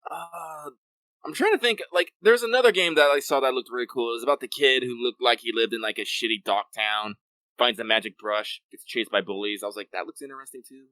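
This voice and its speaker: A man's voice: mid-range voice, steady tone, a little fast, bright, forceful tone, no echo. A man co-hosting a podcast, chatting casually and rambling about games with lots of fillers and swearing, on a desk microphone. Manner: rambling, profane, many fillers. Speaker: podcast co-host. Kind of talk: casual gaming chat.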